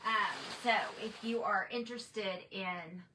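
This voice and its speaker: A woman's voice: mid-range voice, slow pace, recorded from a distance, background noise. A woman hosting a crafting livestream, chatting casually and reading viewer comments aloud in a rambling way. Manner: chatty, rambling, with frequent restarts and fillers.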